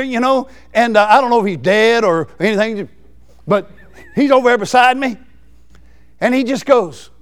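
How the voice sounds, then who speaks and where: A man preaching a folksy, excitable sermon. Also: very high-pitched. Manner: excitable, folksy, laughs between lines.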